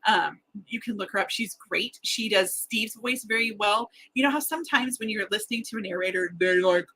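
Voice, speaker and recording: A woman author chatting casually and excitedly with viewers during a livestreamed book launch, rambling a little as she goes. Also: medium pitch, normal speed, husky, low-quality recording. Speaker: mystery author hosting a live book launch.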